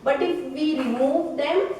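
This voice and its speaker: A woman teacher with an Indian English accent and a high voice talks slowly through a grammar lesson. She keeps checking in with a questioning "right?" at the end of her points. She is heard from a distance in a very echoey room, with a faint hiss underneath. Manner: slow, explanatory, ends phrases with a questioning "right?".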